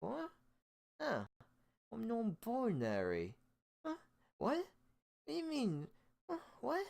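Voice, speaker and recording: A squealing, incredulous caricature of a baffled person, put on by a man in a shrill, high mocking voice. The voice shoots far up in pitch and swings wildly as it fires off question after question in exaggerated disbelief. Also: wildly swooping pitch, takes it slowly, vocal fry, a little mellow, heavily acted.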